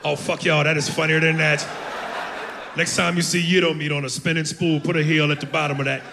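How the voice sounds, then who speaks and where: A brash man does crude crowd work and teases the audience. His voice sits slightly high, and clear club noise runs behind it. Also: flat delivery, a little fast. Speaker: stand-up comedian. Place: comedy club stage.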